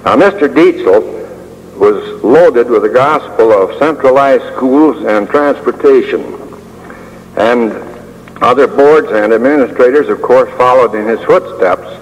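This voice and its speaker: An older man giving a prepared speech as a school administrator, measured and dryly humorous, pausing often with uh. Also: mid-range voice. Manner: measured, with dry humor and frequent uh pauses. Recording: long hall reverb with faint hiss.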